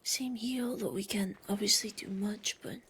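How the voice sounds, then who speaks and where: A woman speaking in a husky, gravelly whisper during a whispered role-play, drowsy and low-key. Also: steady tone, moderate pace, slight background noise.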